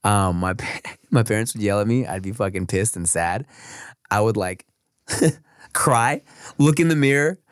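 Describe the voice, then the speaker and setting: A man co-hosting a podcast in casual, profane chat, his throat a little rough from a cold. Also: fairly low pitch, measured pace, dry recording, clean studio sound. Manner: swearing, storytelling, playful. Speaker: podcast co-host.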